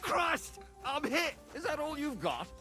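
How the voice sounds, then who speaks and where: Cocky young swordsman, taunting, battle cries, video game, high voice, music behind. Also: very animated, a little slow, full character voice. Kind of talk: video game combat barks.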